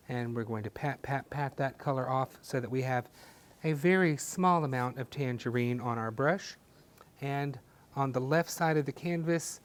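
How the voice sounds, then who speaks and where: A man teaching a step-by-step painting class, talking gently and encouragingly with folksy little sayings. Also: medium pitch. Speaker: painting instructor.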